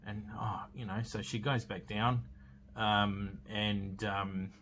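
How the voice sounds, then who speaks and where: Forties man, podcast host, low but bright forceful voice, rambling recap full of ums. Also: fairly even intonation, takes it slowly, slight background noise. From Australia. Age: 40s. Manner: rambling, filler-heavy storytelling with many restarts. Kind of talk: casual film review recap.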